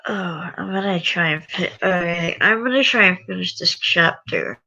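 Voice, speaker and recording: A tired reader casually reading a story aloud, halting now and then with sighs and restarts. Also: mid-range voice, vocal fry, pushed and bright, dull audio.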